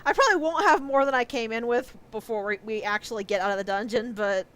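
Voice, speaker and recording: Game music plays under a gaming streamer's fast, fairly bright, slightly high voice. She narrates her let's-play in a loose, talkative way, reasoning out loud and using "like" frequently.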